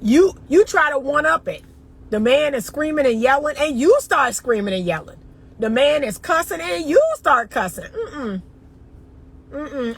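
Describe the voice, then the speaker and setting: Northern us woman dating coach, slightly high voice, talks straight at you, emphatic and chatty. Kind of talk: casual livestream chat.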